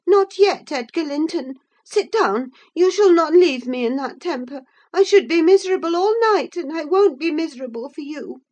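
A woman voicing a hot-tempered, passionate young woman in an audiobook reading, with loud, shrill outbursts. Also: animated, moderate pace, hardly any pauses. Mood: furious.

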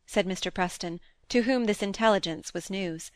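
A woman reads a classic novel aloud in a measured, even storytelling voice. Her pitch sits in the middle range. The close mic catches no room at all. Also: clean tone, no room sound. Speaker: audiobook narrator. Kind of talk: scripted narration.

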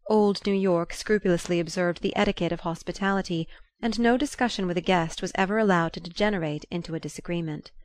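A woman reading a novel aloud as an audiobook narrator, in a measured, even manner. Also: on the low side.

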